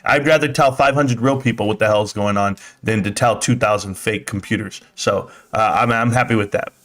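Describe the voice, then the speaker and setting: Reading comments aloud on his casual live stream, a man talks fairly quickly in a lowish, fairly bright voice with fairly even intonation. His chat rambles along, with some swearing here and there.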